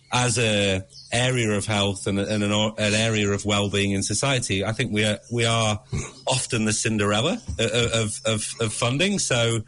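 A New man with a lowish voice talks animatedly as a radio guest. He restarts his sentences often and stays upbeat. There is a faint hiss behind him. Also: a bit bright. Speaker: chief executive of a mental health organisation, regular guest. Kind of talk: radio interview.

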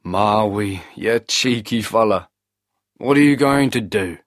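A man's voice: lowish voice, slow, dry recording, clean studio sound. A man voicing a grumbling, doubtful young brother in a storybook.

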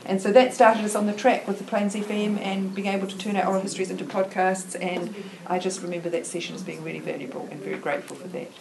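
A woman's voice: medium pitch, fairly even intonation, quick pace, vocal fry, few pauses, a little mellow, rough recording. A woman introducing the guest speaker at a meeting, talking in a casual, hesitant way. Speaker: event host introducing speaker.

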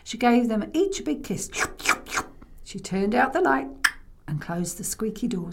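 Slow, lively woman storyteller. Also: fairly high pitch. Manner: playful, with vocal sound effects and audience prompts. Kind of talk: oral storytelling for children.

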